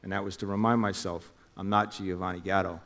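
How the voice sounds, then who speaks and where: A man's voice: deep voice, level tone, fairly quick, fairly bright tone, in a large hall. A middle-aged man from New Jersey, a former undercover officer, telling his story in an interview and acting out phone calls in quoted voices.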